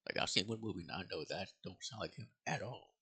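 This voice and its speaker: Deep gravelly man rambling casually. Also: quick pace, pushed and bright. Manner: rambling, profane, with many fillers and restarts. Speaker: movie reviewer. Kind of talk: casual spoken movie review.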